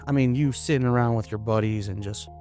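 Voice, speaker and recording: A young man from Florida, a comedian guest in a casual interview, talking in a hesitant, halting way with many restarts. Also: mid-range voice, mellow, soft background music. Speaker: podcast guest, stand-up comedian.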